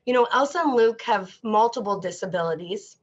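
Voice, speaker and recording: Speaking briskly in a mid-range voice, a woman who works as a mental health therapist opens up as an interview guest. She's heartfelt and rambling, full of fillers and false starts, on a dull, lo-fi recording.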